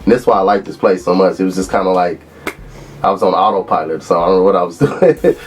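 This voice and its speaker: A man in his thirties from Los Angeles, a former college football player, relaxed as he tells stories in an interview. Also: low-pitched, quick pace, a little hiss or hum. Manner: relaxed storyteller who acts out quotes. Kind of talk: interview reminiscing.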